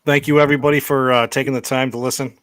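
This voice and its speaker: A man's voice: mid-range voice, flat delivery, racing, fairly bright tone, no echo. A man co-hosting a podcast in casual chat, mostly giving short, easygoing reactions to his co-host's stories. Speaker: podcast co-host.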